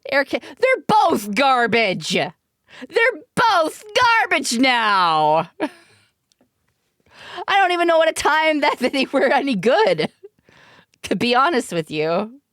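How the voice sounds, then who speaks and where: Giggly, swearing woman streamer, lively pitch. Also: takes it slowly, pauses often, no echo, clean studio sound. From Canada. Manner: giggly, profane, animated storyteller. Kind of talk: casual storytelling to stream chat.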